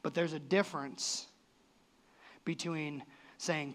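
An unhurried male pastor preaches in church, his voice on the high side and fairly bright. Earnest and conversational, he lets his pitch rise and fall abruptly.

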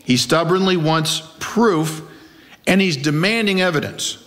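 A man preaching a sermon in a church, his voice sitting a little above the usual male pitch. He keeps it conversational and throws out rhetorical questions. He acts out the lines he quotes in character voices. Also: lively intonation, unhurried, fairly bright tone. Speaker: pastor.

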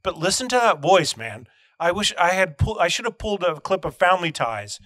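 A man's voice: sits high, big pitch swings, fairly quick, pushed and bright, no room sound. A man co-hosting a comedy podcast, arguing his point in a sarcastic, needling way. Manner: argumentative, sarcastic. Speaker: podcast co-host. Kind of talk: casual comedic debate.

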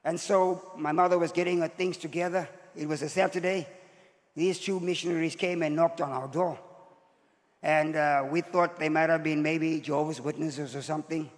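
A man's voice: on the high side, steady tone, normal speed. A man in his sixties from Zimbabwe, preaching a sermon as a bishop and telling his story with sudden rises as he acts out the voices in it. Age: 60s. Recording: long hall reverb.

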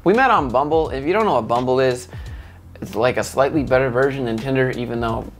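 A man hosting his own video channel, telling a dating story in a casual, animated way. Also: mid-range voice, a little fast, faint music behind. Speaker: YouTube host.

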